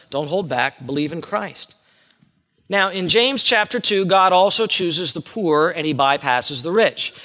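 A man preaching a sermon, animated and emphatic. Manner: animated preaching, rising to emphatic high bursts. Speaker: pastor. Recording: long hall reverb.

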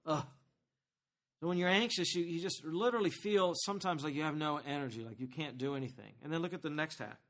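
A man preaching a sermon as pastor, talking to the congregation in a conversational, animated way and asking them questions. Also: fairly high pitch, quick pace.

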